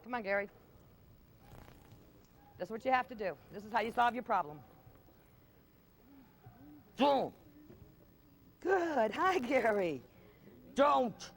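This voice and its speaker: A woman's voice: fairly high pitch, animated, takes it slowly, creaky, pauses often. Woman dog trainer out in a field, bossy no-nonsense tone, voice jumps all over. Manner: firm, commanding, no-nonsense; coaxing praise to the dog. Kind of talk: hands-on training session.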